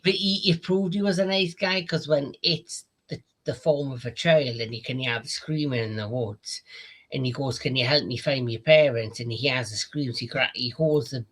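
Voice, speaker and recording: A man's voice: mid-range voice, normal speed, a bit bright. A man hosting a casual TV review chat, retelling scenes eagerly with false starts and casual swearing. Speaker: TV review show host.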